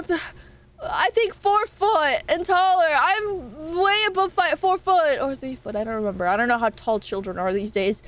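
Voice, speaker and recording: A woman streamer with a high, fairly bright voice and lively intonation talks at normal speed. She chats casually with viewers on her live stream, teasing them and often laughing.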